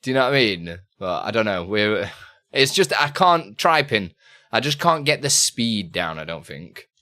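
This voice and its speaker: A man hosting a casual live stream, talking loosely and laughing between chat questions. His voice is bright and forward. His pitch swings widely as he talks. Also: very animated, moderate pace. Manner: chatty and loose, reads chat aloud, laughs often.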